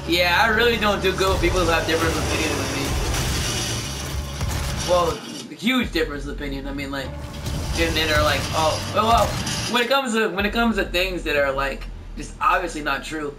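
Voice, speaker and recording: A man's voice: a little high, quick pace, music in the background. Rambling man, far from the mic. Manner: rambling, stumbling storytelling with many restarts. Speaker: gameplay streamer. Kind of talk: casual chat while gaming. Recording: distant mic with background noise.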